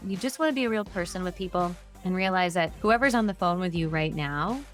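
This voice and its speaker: A woman's voice: lowish voice, brisk, faint music behind. A woman giving a conversational, practical training talk on customer service. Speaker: insurance agency trainer.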